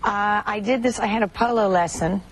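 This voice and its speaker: A woman's voice: mid-range voice, brisk, poor audio. A woman in her thirties from Alabama, an actress chatting as a TV interview guest, telling stories and laughing often. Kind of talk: morning TV interview.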